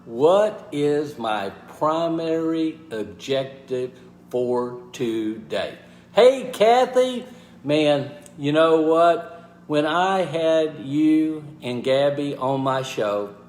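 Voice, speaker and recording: A man hosting a motivational live talk, speaking haltingly with pauses and restarts and greeting viewers by name. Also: medium pitch, a little mellow, reverberant. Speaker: host.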